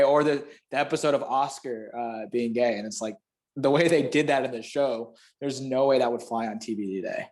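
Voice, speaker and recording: A man with a Florida panhandle accent chats easily as a podcast guest, medium-pitched. He explains training cues with vivid images and laughs often. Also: fast talker, a little mellow. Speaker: guest, fitness clinician. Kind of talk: casual podcast chat.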